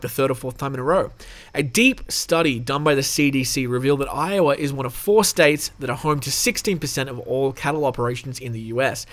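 A man's voice: mid-range voice, a bit bright. A man hosting a reaction video, reading an article aloud and breaking off for joking asides, swearing freely and chuckling mid-sentence.

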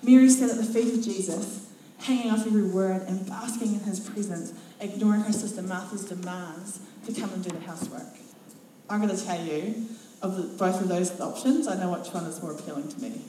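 Warm-voiced New woman preaching. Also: medium pitch, fairly quick, a little hiss or hum. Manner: expressive storytelling, acts out quotes. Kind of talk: sermon. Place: church. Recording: very echoey church from a distance.

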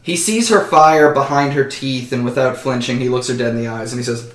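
Brief: casual male game master, mid pitch, echoey room. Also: a little fast, a little hiss or hum. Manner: casual, narrates with frequent ums. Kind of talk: narrating a tabletop game.

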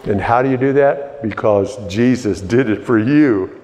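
Fervent slow-preaching man in reverberant hall. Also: medium pitch, darkish tone. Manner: fervent, repeats phrases, bursts of hallelujah. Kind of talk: sermon.

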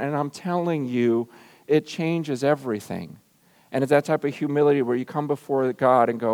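A man in his forties preaching a sermon, swinging between loud bursts and quiet, intimate asides. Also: medium pitch, moderate pace, big-room sound. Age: 40s. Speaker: pastor.

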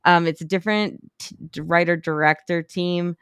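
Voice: medium pitch, fairly even intonation, normal speed, a bit bright, smooth, dry recording, studio quality. A podcast co-host in casual movie chat, talking in a chatty way, swearing often and using lots of "like" fillers.

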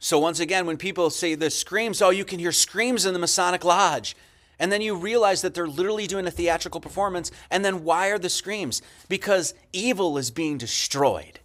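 A man's voice: sits high, moderate pace, fairly bright tone. Man lecturing with rhetorical questions. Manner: poses rhetorical questions and answers them. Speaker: host commenting on a played video. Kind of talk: casual lecture commentary.

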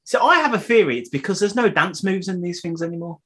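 A man's voice: high-pitched, lively intonation, quick pace, fairly bright tone, slight background noise. A man with a Brummie accent hosting a podcast, ranting his opinions in casual, sweary chat. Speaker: podcast host.

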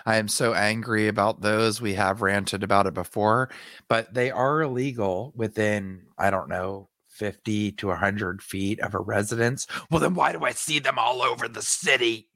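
Low-voiced lady cohost, blunt and fed up, reads a story out, dry sound. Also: fairly even intonation, normal speed, a bit bright, dry recording. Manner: blunt, exasperated ranting. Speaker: podcast co-host. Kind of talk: casual chat and reading a news story.

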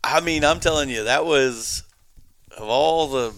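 Man, podcast guest, storytelling, bright forceful voice, dry sound. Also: medium pitch, unhurried, no room sound. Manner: animated, laughing storyteller who acts out quotes. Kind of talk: casual storytelling.

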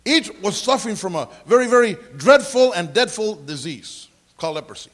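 A man preaching a sermon, leading a prayer and explaining scripture with lively conversational asides and frequent throat clearing. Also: high-pitched, fairly quick. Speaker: pastor.

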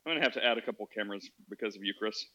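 A man hosting an online chat, joking around and asking quick questions. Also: lowish voice, sharp tone, muffled recording. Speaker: podcast host.

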